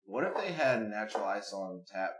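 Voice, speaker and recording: A man's voice: fairly low pitch, very animated, brisk, a little hiss or hum. A man riffing in casual podcast chat, slangy and calling everyone bro. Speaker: podcast co-host. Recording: echoey room.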